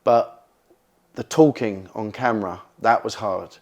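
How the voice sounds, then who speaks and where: A man, a guest in an interview, telling stories in a lively, casual way and often repeating words. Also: lowish voice, measured pace. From England. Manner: animated, repeats words, acts out quoted speech, swears casually. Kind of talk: casual storytelling.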